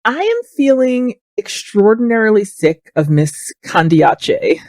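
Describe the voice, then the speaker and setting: Lively, opinionated woman guest. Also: fairly high pitch, a little slow, dry recording. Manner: emphatic, opinionated, laughs often. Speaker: podcast guest. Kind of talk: casual chat.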